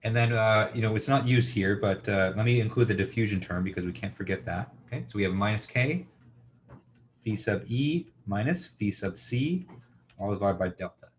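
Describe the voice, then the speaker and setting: A man with a low voice teaches a university engineering class, working step by step through equations. He talks with lots of fillers and keeps checking in with "okay?" and "right?". A faint hum sits behind him. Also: moderate pace. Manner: thinking aloud with many fillers and checks like "okay?". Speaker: university lecturer. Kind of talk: recorded engineering lecture.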